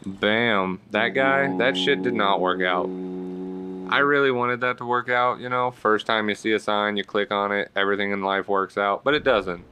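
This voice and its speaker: A man narrates a game walkthrough in a fairly low voice with a hard, bright edge. He is blunt and sarcastic, swearing casually as he gives directions. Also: steady tone, moderate pace. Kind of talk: casual gaming commentary.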